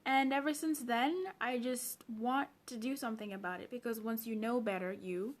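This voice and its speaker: A woman's voice: fairly high pitch, moderate pace. A woman from Zambia, a personal development coach, chatting on a late-night live stream, greeting viewers by name.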